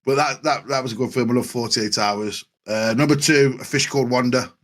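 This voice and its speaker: A man's voice: medium pitch, a little fast, fairly bright tone. A man in casual chat, swearing freely and acting out quotes from films he loves. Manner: swears freely, acts out film quotes and laughs. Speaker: podcast panelist.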